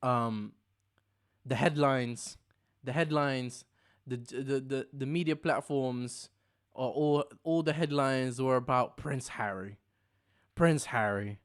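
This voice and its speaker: A man's voice: mid-range voice, slow, smooth. A young man co-hosting a casual podcast chat, jokey and sarcastic, laughing often. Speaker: podcast co-host.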